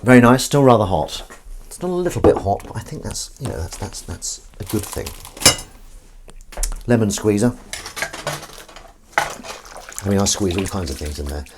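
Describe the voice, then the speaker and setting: This livestream host chats casually from home with viewers in the live chat, rambling and poking fun at himself. He speaks in a lowish, expressive voice at a moderate pace with long pauses, over heavy background noise.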